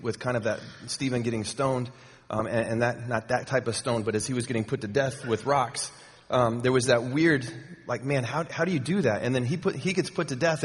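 Casual preacher in a reverberant church hall. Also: male voice, medium pitch. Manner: conversational, with many fillers and repeats. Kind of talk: sermon. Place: church sanctuary.

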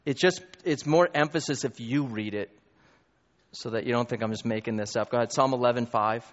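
A man preaching a sermon as pastor, emphatic and building to loud peaks, with quick asides to the congregation. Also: mid-range voice. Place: church hall. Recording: long reverb, dull lo-fi.

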